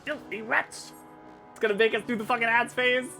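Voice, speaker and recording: A young woman streaming a game, chatting casually with animated, profane remarks and frequent laughter. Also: a little high, rapid-fire, music in the background. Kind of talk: casual live-stream chat while gaming.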